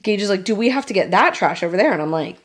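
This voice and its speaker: Animated, swearing woman telling a story. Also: mid-range voice, racing. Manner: animated storyteller, swears a lot, acts out quotes. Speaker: podcast co-host. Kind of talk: casual chat.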